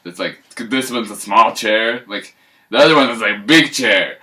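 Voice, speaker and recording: A man's voice: lowish voice, normal speed, pushed and bright. A man casually retelling a fairy tale, rambling with joking asides.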